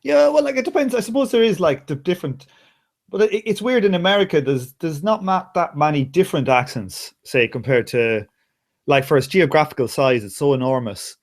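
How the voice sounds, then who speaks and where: A man's voice: a little high, expressive, a little fast. A man with an Irish accent chatting casually, rambling with many restarts and frequent laughs. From Ireland. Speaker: conversation partner. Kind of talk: casual chat.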